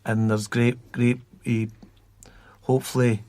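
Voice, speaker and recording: As a podcast interview guest, a Scottish man tied to a youth football academy recalls stories, rambling and repeating words along the way. His mid-range voice is dark in tone, with little pitch movement and a measured pace, recorded dry.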